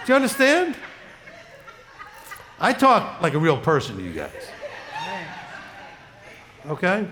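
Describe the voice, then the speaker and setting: Preaching an informal sermon on scripture, a male rabbi speaks bluntly and chattily, joking and frequently asking his listeners "okay?" His fairly bright voice sits high and swings widely up and down. A long, hall-like reverb surrounds it.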